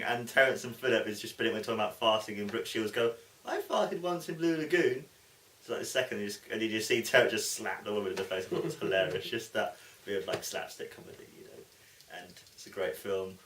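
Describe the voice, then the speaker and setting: A man's voice: on the low side, fairly bright tone. Cheeky young man in an echoey room. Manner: cheeky, crude jokes, laughs along. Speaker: co-host. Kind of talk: casual film chat. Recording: echoey room, distant mic.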